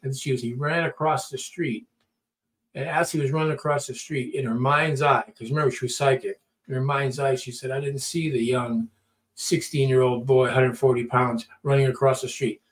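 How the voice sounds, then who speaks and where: Man, storytelling, casual chat, animated quotes, repeats himself, middle-range voice. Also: medium pitch, normal speed. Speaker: podcast storyteller.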